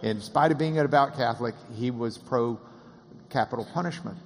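Man, mid-pitched, storyteller who acts out voices, long hall reverb. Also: moderate pace. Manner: animated, acts out quoted voices, laughs often. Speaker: interviewer and storyteller. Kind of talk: casual anecdotal storytelling.

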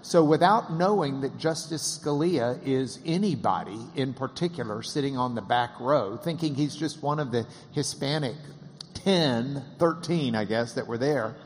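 A man with a drawl tells a story with lively delivery, slipping into the voices of the people he quotes. His voice sits at an average pitch. The sound rings with a long hall reverb. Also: unhurried. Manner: animated, acts out quoted voices, laughs often. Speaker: interviewer and storyteller. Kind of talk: casual anecdotal storytelling.

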